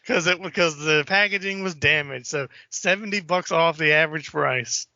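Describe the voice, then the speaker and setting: Bright-voiced man recapping a film. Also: on the high side, normal speed, no echo, muffled recording. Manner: loose retelling of film scenes, swears freely. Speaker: podcast co-host. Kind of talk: casual chat.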